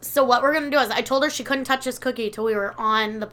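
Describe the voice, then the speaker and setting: A woman's voice: on the high side, fast talker, a bit bright. A woman in her thirties chatting casually as a podcast co-host, a rambling storyteller who swears a lot. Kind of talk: casual chat.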